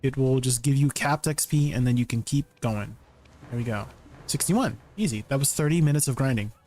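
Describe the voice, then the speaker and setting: A man's voice: medium pitch, fairly quick, darkish tone, soft background music. A man streaming a game, chatting casually, reading chat aloud and laughing often.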